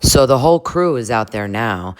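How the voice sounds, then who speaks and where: Low-voiced woman hosting comedic commentary. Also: lively intonation, normal speed. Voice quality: playful, joking. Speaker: host.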